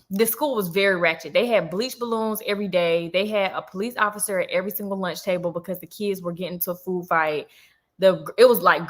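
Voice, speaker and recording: A woman in her twenties hosting a livestream, telling a personal story in a casual, animated way, full of slang and asides to her viewers. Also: fairly low pitch. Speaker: livestream host.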